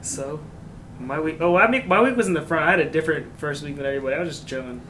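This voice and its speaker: A young man with a slightly high voice riffs and jokes with his friends on a casual podcast. He talks loosely, laughs easily and swears offhand, with a faint ambient hum behind him. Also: very fast, fairly bright tone. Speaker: podcast co-host. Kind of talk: casual chat among friends.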